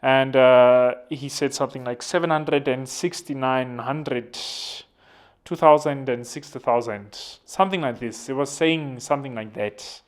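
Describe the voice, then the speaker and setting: A man's voice: medium pitch, a little slow. Rambling South African man joking about himself. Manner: rambling, self-deprecating joking. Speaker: vlogger. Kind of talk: casual political commentary.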